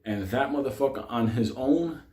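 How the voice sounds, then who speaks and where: New guy, mid-pitched, profane and animated raconteur, roomy echoey recording. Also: moderate pace. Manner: profane, animated, laughs often. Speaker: storyteller. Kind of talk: casual storytelling.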